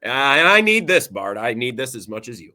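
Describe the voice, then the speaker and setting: Bright-voiced man, dry and teasing. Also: medium pitch, sing-song, brisk. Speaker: podcast co-host. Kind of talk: casual podcast chat.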